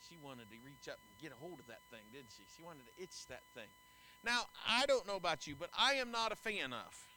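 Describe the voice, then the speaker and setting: A man's voice: extremely high pitch, wildly swooping pitch, brisk, pushed and bright, a little hiss or hum, low-quality recording. A middle-aged man preaching a sermon as pastor, telling folksy, anecdotal stories to his congregation.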